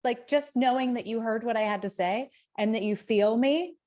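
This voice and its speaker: Affirming woman host, slightly high voice. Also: moderate pace, a little mellow. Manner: affirming, reflective listener. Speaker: podcast host. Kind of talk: casual interview chat.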